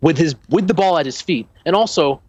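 A man co-hosting a casual football podcast, talking in an animated, rambling way with many restarts. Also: on the high side, fairly quick, breathy edge, dull audio. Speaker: podcast co-host.

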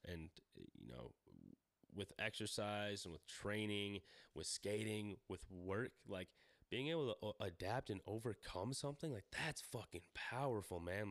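A man's voice: on the low side, no room sound. A man in his thirties co-hosting a podcast, talking casually in a rambling, profane way full of fillers and restarts. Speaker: podcast co-host.

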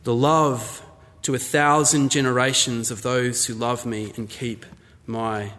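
A man's voice: medium pitch, little pitch movement, a little slow, fairly bright tone, in a large hall. A man preaching a sermon in a conversational, storytelling way, acting out little scenes to make his point. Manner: conversational, storytelling, acts out voices in anecdotes. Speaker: pastor.

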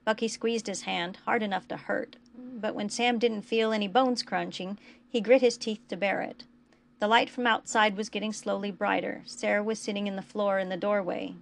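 A woman podcast host reading fan fiction aloud in a quiet, even storytelling manner. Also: mid-range voice, moderate pace, vocal fry, slight background noise.

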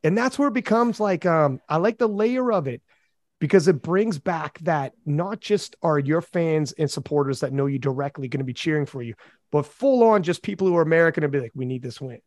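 A man hosting a casual podcast chat, animated and quick with asides. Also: a little high, no room sound. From Canada. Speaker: podcast host.

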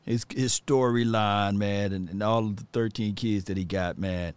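A man's voice: lowish voice, steady tone, moderate pace, clear, resonant tone, no room sound. A man casually commenting with amusement while reacting to a comedy video.

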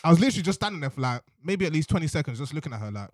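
A young man telling a story in casual chat, lively and slangy, often tagging lines with "innit". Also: fairly high pitch, very fast, no room sound, studio quality. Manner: animated, slangy, repeats "innit" and "you know what I mean".

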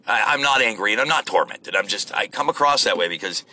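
A man's voice: fairly low pitch, lively intonation, quick pace, bright, forceful tone, slight background noise. A man ranting casually while driving, rambling and profane, rude and crude by his own account. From United States. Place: in a car on the road.

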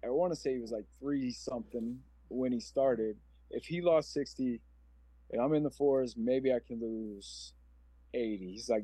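A man in his forties from Omaha, Nebraska, shares his personal story as a podcast guest, earnest, emotional and prone to rambling. His voice is mellow and husky, medium in pitch, with a moderate pace and no room sound.

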